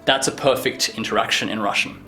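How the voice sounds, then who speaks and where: A man giving a casual language lesson, jumping high in pitch when acting out example phrases. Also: fairly quick, bright, forceful tone. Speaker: language teacher.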